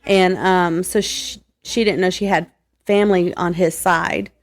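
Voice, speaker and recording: A woman co-hosting a casual podcast, loud and quick to laugh, talking about books with frequent pauses. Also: fairly low pitch, fairly even intonation. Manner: loud, laughs a lot, hesitant with fillers. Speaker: podcast co-host. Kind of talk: casual chat.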